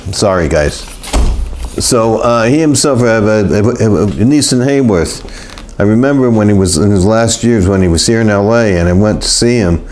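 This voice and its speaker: A man teaching a live Torah class, talking haltingly with many repeated words and restarts. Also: fairly low pitch, darkish tone. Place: classroom in Los Angeles.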